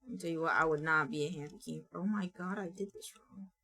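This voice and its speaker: A woman's voice: fairly low pitch, fairly quick, fairly bright tone, husky. A young woman chatting casually and playfully on a live stream while she draws, talking to her viewers. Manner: playful and chatty, talks to chat and to her characters.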